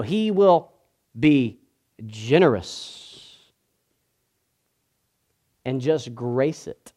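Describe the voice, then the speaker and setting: A man preaching a sermon as pastor, moving from hushed, slow passages to loud, emphatic ones. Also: mid-range voice, lively intonation.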